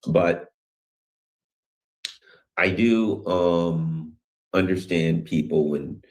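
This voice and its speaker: A man's voice: low-pitched, drawn-out words, a little mellow. A man hosting his own news commentary channel, talking in a rambling, emphatic way and acting out what other people say. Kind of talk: opinionated solo commentary.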